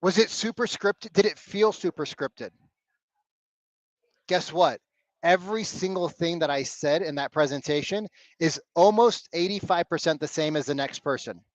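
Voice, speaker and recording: A man coaching salespeople live on a video call, blunt and animated, swearing casually. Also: on the high side, normal speed, no echo, poor audio.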